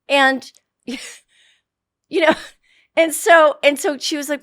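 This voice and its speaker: A woman's voice: sits high, normal speed, long pauses, no echo, studio quality. Blunt woman with a faint Boston accent. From Boston area, United States. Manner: blunt, salty storyteller with lively quoted voices. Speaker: guest, actress. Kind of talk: casual interview chat. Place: podcast studio.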